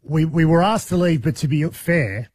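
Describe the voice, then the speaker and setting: An Australian man spins a long, rambling yarn on a talk show, laughing as he goes. His voice sits a little high and sounds husky. The sound is dry and close. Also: moderate pace, a little mellow, no echo. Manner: rambling storyteller, laughs through his tale. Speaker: radio show regular reporting from abroad. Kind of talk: casual chat.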